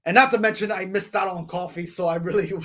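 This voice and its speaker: A man hosts his own sports podcast in a high, light voice at a quick pace, running through games and scores. He rambles loosely, filling gaps with ums and uhs, restarting sentences, and calling listeners folks and ladies and gentlemen.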